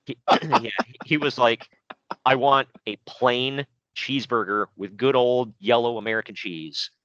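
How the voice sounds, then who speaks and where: A man's voice: medium pitch, fairly even intonation, a little slow, fairly bright tone, no echo. A man hosting a podcast, rambling through stories about friends with frequent laughs and impressions. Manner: rambling storyteller, laughs often, mimics friends. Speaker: podcast host. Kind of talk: casual chat. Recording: dry, muffled podcast audio.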